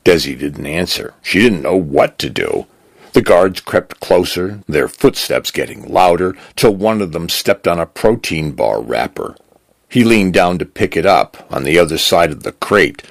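A man with a gravelly voice reading a story aloud in measured narration. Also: low-pitched, animated, no room sound. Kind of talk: scripted narration.

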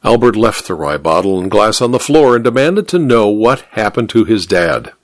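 A man reading a first-person detective novel aloud, in a measured, wry storytelling manner. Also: lowish voice, big pitch swings, dry recording. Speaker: audiobook narrator.

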